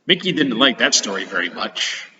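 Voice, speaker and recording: A playful man reads a storybook aloud to children. His bright voice rises and falls in a lively way. The recording is dull and lo-fi, with a long hall echo. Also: fairly low pitch, normal speed. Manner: playful, chatty, expressive when reading. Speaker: teacher reading to children. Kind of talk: storybook read-aloud for kids. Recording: echoey hall, dull lo-fi sound.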